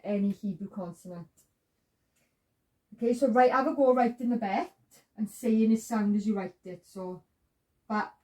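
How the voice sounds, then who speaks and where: A woman's voice: mid-range voice, dark tone, recorded from a distance, low-quality recording. A woman teaching a beginner's language lesson, patiently walking through each sound step by step. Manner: patient, repeats sounds and steps. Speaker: Hebrew teacher.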